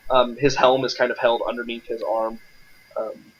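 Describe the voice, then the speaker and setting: Man, game master, husky voice, hesitant narration, muffled lo-fi sound. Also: mid-range voice, little pitch movement. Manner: halting, many fillers.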